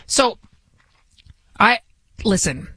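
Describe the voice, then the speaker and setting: A woman host talks straight into a dry, close mic with no room echo. Her delivery is forceful and insistent, and she doubles back on phrases to hammer them home. Her pitch sits in an ordinary middle range. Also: big pitch swings, very slow, breathy edge. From United States. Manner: emphatic, repeats phrases for stress. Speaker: talk show host. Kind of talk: opinionated political commentary.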